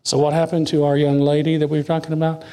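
Man, preacher, fairly high voice, emphatic then whispered, slow scripture reading. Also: completely flat delivery, clear, resonant tone. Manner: swings from high emphatic lines to low hushed asides; reads scripture slowly and deliberately. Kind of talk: sermon.

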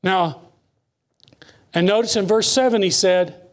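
A man delivers a sermon in a fairly high voice. He rises to emphatic lines, then drops to near-whispered asides. He reads scripture slowly and deliberately. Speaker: preacher.

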